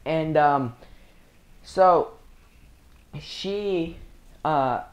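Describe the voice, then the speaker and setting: A young storyteller vlogger tells a casual storytime in a medium-pitched voice, speaking very slowly. The story rambles, full of slang and frequent laughter.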